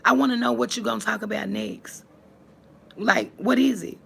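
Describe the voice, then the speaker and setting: A woman vlogger, talking bluntly to her viewers, cursing and swinging between calm and heated. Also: fairly high pitch, moderate pace, gravelly, husky. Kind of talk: casual talk to viewers.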